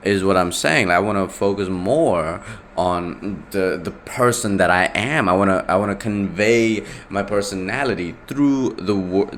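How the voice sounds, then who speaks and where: Young male solo podcaster, very low voice, rambling and self-correcting, light hiss behind. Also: unhurried, fairly bright tone. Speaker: podcast host. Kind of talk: casual solo podcast monologue.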